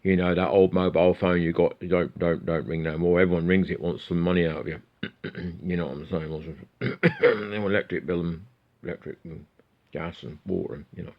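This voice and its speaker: Low-voiced, rambling man. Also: steady tone, a little fast, dull audio. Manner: swears freely, rambling and chatty. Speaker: guitar YouTuber. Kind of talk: casual rambling chat to camera.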